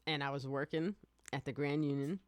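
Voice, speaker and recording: Excitable rambling podcast host, dry sound. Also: mid-range voice, brisk, no room sound. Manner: excitable, rambling, swears, laughs often. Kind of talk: casual live-stream podcast chat.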